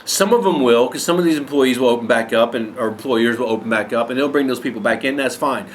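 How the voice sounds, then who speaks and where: A man's voice: medium pitch, fast talker, a little hiss or hum. A man ranting angrily and bluntly to camera, swearing heavily as he talks to his viewers. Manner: angry, blunt, heavy swearing. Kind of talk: angry profane rant to camera.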